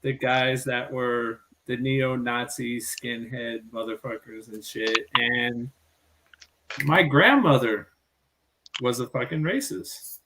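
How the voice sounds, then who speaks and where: A man's voice: mid-range voice, bright, forceful tone, a little hiss or hum. A man in casual chat, swearing freely and laughing easily. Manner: slow, profane, laughs easily.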